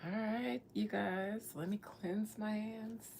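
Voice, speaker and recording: A woman's voice: mid-range voice, steady tone, slow, gravelly, a little mellow, slight background noise. A woman doing a spiritual reading, chatting casually with viewers, playful and slangy with laughing asides. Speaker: spiritual reader talking to viewers. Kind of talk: casual livestream chat.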